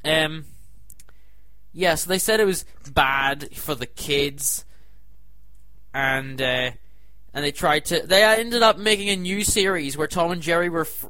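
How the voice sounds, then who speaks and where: A man with a high, bright, sharp-edged voice rants with comic disbelief as host of his own segment. His voice is recorded dry and close, with no room sound around it. He keeps bursting into loud, incredulous protests. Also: measured pace, no room sound. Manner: exasperated, incredulous ranting with sudden loud outbursts. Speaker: comedy show host. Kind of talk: comic rant to camera.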